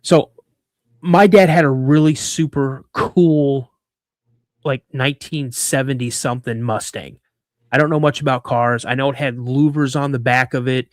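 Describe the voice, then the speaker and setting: A man in his fifties from Washington State, a guest telling a personal story in conversation, animated and acting out the dialogue, often repeating and restarting words. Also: medium pitch, moderate pace, no room sound. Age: 50s. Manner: animated storyteller who acts out quoted dialogue. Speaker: guest, cryptid researcher.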